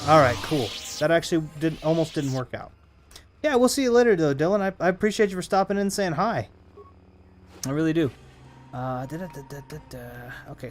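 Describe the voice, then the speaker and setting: A man casually chatting to viewers while he plays a video game, rambling and humming between remarks. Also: fairly high pitch. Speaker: streamer playing a video game. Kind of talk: casual live-stream commentary.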